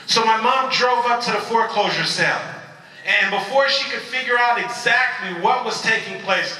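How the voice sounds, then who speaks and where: Man, motivational speaker, storytelling, call-and-response, high bright voice, echoey distant hall. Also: normal speed, slight background noise. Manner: storytelling with call-and-response and frequent stammered restarts. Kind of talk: motivational speech. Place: large convention hall with audience. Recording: echoey convention hall from far off.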